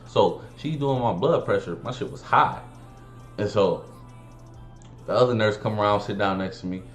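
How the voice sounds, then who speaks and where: Young man, low voice, casual storytime, animated, slangy and profane, echoey room. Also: moderate pace. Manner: animated, slangy, swears, acts out dialogue. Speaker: vlogger. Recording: roomy room, faint music behind.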